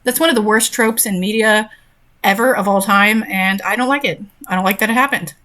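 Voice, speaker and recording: A woman's voice: mid-range voice, fairly quick, pushed and bright. A young woman reading a story aloud and breaking off into sarcastic, exasperated commentary on it. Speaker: host reading and critiquing a story.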